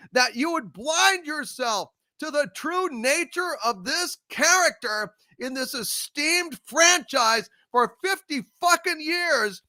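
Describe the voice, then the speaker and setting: A man's voice: extremely high pitch, pushed and bright, no echo. A man hosting a review panel, ranting furiously with heavy profanity and stammering restarts. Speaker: channel host.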